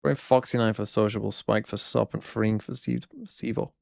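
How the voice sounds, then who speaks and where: A man's voice: on the low side, flat delivery, normal speed, vocal fry, darkish tone, no echo, clean studio sound. A man streaming, casually reviewing viewers' fantasy teams in a wry, blunt way, thinking aloud. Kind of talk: casual livestream commentary.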